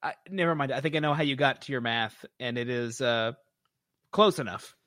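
Man, podcast co-host, bright voice, dry sound, wry quips. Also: medium pitch, moderate pace, no room sound. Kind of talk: casual chat.

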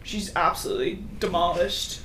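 This co-host's voice is fairly low but fairly bright. She breezes through a casual book recap on the podcast, briefly performing the characters' lines with little cat voices.

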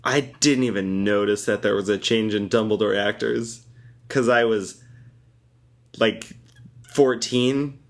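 A man's voice: fairly low pitch, steady tone, takes it slowly, long pauses. A young man co-hosting a casual chat, playful and joking, laughing often.

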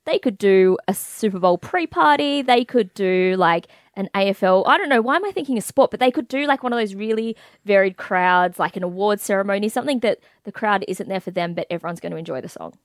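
A woman's voice: mid-range voice, lively intonation, brisk, few pauses, no room sound, studio quality. A woman co-hosting a podcast, chatting about music in a bubbly, gushing way with lots of fillers. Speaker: podcast co-host. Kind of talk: casual music chat.

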